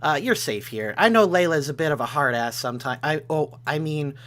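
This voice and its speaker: Man putting on a high, sugary sing-song girl henchman. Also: animated, fairly quick, fairly bright tone. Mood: overly sweet. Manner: overly sweet, drops anime words.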